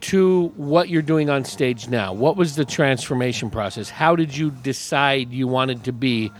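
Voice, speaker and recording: A man's voice: medium pitch, measured pace. A man hosting an interview podcast, asking his guest open, friendly questions. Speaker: podcast host. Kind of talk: casual interview chat. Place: comedy club showroom.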